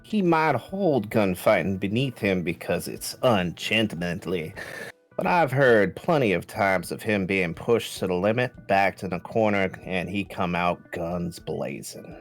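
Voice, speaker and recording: Man doing a deep-voiced drawling cowboy. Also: expressive, faint music behind. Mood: folksy. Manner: slow folksy drawl. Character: drawling old-timer cowboy. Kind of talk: live-streamed murder mystery role-play.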